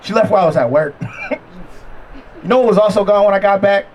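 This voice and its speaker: A man's voice: high-pitched, lively intonation, fairly quick, darkish tone. A man performing a stand-up set at an outdoor backyard show, talking conversationally and mocking himself between punchlines. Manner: conversational, self-deprecating punchline delivery with crowd asides. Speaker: stand-up comedian.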